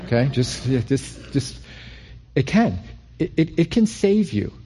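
A man's voice: mid-range voice, big pitch swings, measured pace, mellow, slightly rough. A middle-aged man preaching a sermon in a conversational way, often restarting phrases and building emphasis. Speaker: pastor.

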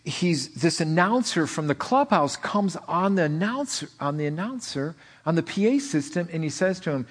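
Husky animated male preacher. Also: fairly high pitch. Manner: animated, repeats words, acts out quotes. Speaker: pastor. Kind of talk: sermon.

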